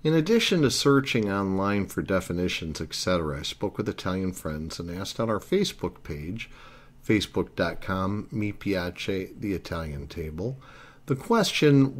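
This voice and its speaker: Man, deep voice, lively intonation, earnest step-by-step grammar lesson narration. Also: moderate pace, breathy edge. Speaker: Italian language teacher.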